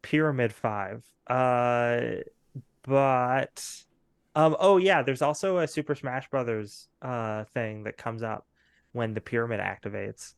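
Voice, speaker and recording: A man's voice: mid-range voice, takes it slowly, creaky, clean tone, dry recording, studio quality. Rambling man running a tabletop game. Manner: rambling, many fillers, laughs often. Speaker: game master.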